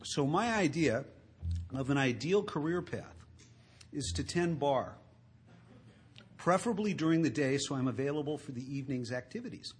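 A man speaking to an audience about his drinking, telling wry stories in a conversational way that swells to loud emphasis. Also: a little high, expressive, moderate pace, pauses often, slightly rough, faint music behind. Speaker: recovery speaker. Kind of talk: storytelling talk to an audience.

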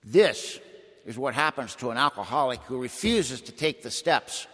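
A gruff old ex-gangster, as a man puts him on, speaking slow and low in a deep, gravelly voice. His delivery is blunt and mocking. The voice rings out in a hall with long reverb. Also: expressive, pushed and bright. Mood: lecturing.

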